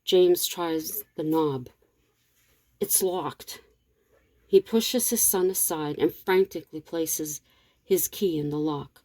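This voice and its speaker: A woman reading a story aloud as narrator in a steady, measured way. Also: deep voice, no echo.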